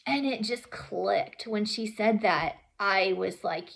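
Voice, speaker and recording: A young woman talking earnestly and haltingly about her own experience, with many pauses and fillers and some softly whispered words. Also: medium pitch, gravelly. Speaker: vlogger sharing her story. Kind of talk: emotional personal storytelling.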